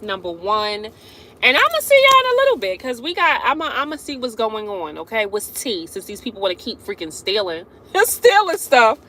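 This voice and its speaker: Bright high-voiced woman chatting to viewers. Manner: chatty, laughs often, keeps addressing viewers directly. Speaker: live-stream host. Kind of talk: casual live-stream talk to viewers.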